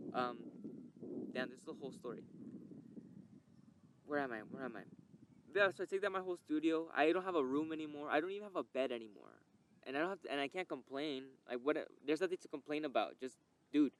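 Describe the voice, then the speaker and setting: Slight background noise sits under this podcast host's mid-range voice. He's a young man delivering a reflective monologue of personal testimony, rambling, swearing, and getting emotional as he candidly recounts his story.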